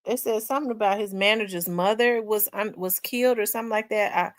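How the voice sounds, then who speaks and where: A woman with a Memphis Southern accent, hosting a livestream in casual chat, rambling and repeating herself and quick to laugh while she reads viewer comments. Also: medium pitch, dry recording, clean studio sound. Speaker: livestream host.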